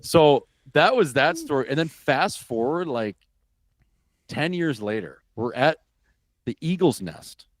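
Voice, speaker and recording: A man from Wisconsin, a former hockey player, telling a story as a podcast guest in a casual, animated and profane way. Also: a little high, takes it slowly, no room sound.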